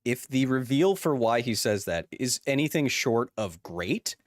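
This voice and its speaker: A man hosting a live game stream, joking and commenting excitedly as he plays. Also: mid-range voice, a little slow, no echo, studio quality. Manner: jokey, excitable, chatty. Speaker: streamer and host. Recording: stream music playing underneath.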